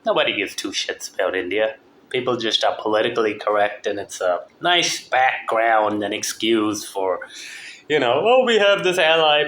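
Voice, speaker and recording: A man's voice: medium pitch, a bit bright, reverberant, a little hiss or hum. A man who did not grow up speaking English, with a partly Southern American accent, talking in a profane, rambling, opinionated monologue. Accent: mixed, partly American Southern.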